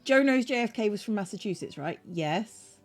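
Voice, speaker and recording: A woman's voice: medium pitch, lively intonation, moderate pace, soft background music. A woman streaming live, chatting casually in a dry, teasing way.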